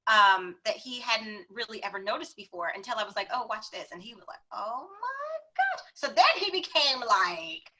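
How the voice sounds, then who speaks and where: A woman guest in an interview, telling personal stories in an animated way and often laughing. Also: mid-range voice, fairly quick, few pauses, poor audio. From America. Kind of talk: conversational storytelling.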